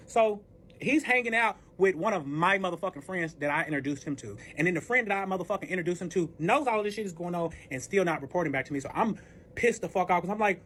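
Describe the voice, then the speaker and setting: Slight background noise sits behind a man's high, fairly bright voice as he tells a cheating story at a quick pace with lively intonation. He's a storyteller guest in a casual storytime, profane and dramatic, acting out each quoted argument with animation.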